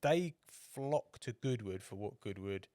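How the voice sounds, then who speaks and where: A man's voice: lowish voice, expressive, slow pace, dark tone, dry recording, clean studio sound. A man, co-hosting a motorsport podcast in casual chat, telling rambling anecdotes and swearing freely. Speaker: podcast co-host.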